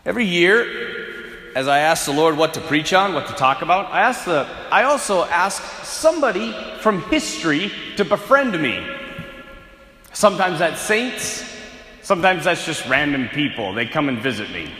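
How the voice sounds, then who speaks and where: A man's voice: on the high side, big pitch swings, moderate pace, pushed and bright. A man preaching a sermon, speaking emphatically and repeating words to build toward a point. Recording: echoey hall with long reverb.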